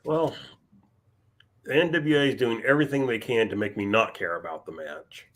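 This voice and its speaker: A man co-hosting a podcast in casual chat, talking in a measured, wry and dryly sarcastic way. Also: mid-range voice, a bit bright. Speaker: podcast co-host.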